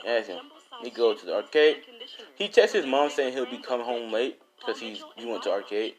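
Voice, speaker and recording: A man's voice: mid-range voice, expressive, brisk. A man improvising a spoken fan story, rambling with lots of fillers, with music behind.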